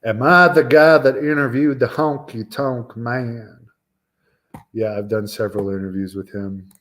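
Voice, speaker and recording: A man's voice: medium pitch, fairly even intonation, a little slow, fairly bright tone. A man in his forties hosting a wrestling talk stream, chatting casually with viewers in a rambling way, full of fillers and restarts. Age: 40s. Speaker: wrestling show host. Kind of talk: casual live-stream chat answering viewers.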